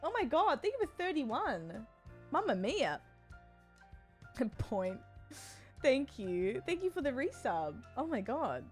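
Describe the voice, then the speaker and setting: A young Australian woman chats with her stream in a bubbly, animated way, her voice sitting fairly high. She jumps quickly up in pitch when she gets excited. Faint music plays behind her. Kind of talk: casual chat with viewers.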